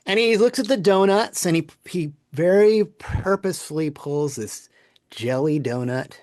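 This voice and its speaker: Male podcast guest, relaxed anecdotal delivery with voiced quotes, middle pitch, dry room. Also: unhurried, dry recording. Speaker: podcast guest, former game producer. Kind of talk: casual storytelling.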